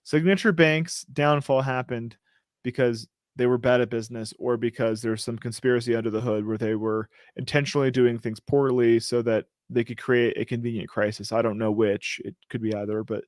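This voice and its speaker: Male host, mid-pitched, casual and joking, reading news with a dry close mic. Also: fairly even intonation, fairly quick, no room sound. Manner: joking, riffing asides while reading. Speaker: show host.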